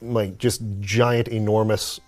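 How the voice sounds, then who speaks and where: A man's voice: on the low side, level tone, takes it slowly, a little mellow, soft background music. A man hosting a stream, chatting casually and thoughtfully about a video game, rambling with many fillers. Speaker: streamer host.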